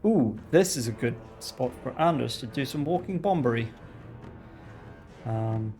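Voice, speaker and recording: A man with a gravelly, fry-edged voice talks through his gameplay live, swearing and exclaiming to himself as fights break out. His pitch sits in an ordinary middle range. Faint music plays behind him. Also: lively intonation, measured pace, a little mellow. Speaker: gamer streamer.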